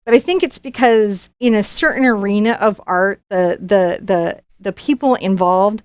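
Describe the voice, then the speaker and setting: A woman's voice: medium pitch, normal speed, a little mellow, smooth, no echo. A woman artist hosting a live unboxing stream, chatty and bubbly, often restarting her sentences. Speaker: professional artist and channel host.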